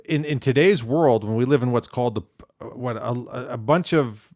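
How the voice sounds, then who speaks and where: A man's voice: medium pitch, normal speed, darkish tone. A man in his thirties co-hosting a podcast, chatting casually with dry jokes and rambling asides. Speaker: podcast co-host. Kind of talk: casual chat.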